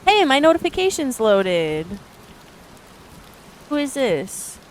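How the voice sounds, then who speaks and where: A woman streamer talks loosely to her viewers, wandering off on tangents and peppering her speech with filler words and the odd curse. Her voice sits a little high, and a faint background noise hums under it. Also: sing-song, takes it slowly. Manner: rambling, chatty storytelling with frequent "like" and casual swearing. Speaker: art streamer. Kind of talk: casual chat to live viewers.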